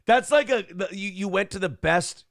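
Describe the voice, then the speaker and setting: Male morning show host, rough gravelly tone, profane and animated, dry studio sound. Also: high-pitched, moderate pace, no echo. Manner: profane, animated, mimics others in loud bursts. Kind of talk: casual podcast commentary.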